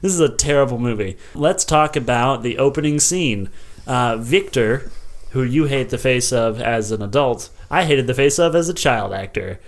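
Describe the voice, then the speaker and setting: A man's voice: medium pitch, animated, normal speed. A young man co-hosting a movie podcast, chatting casually with sarcastic jokes and frequent laughs. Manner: sarcastic, joking, laughs often. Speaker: podcast co-host. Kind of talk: casual movie review chat.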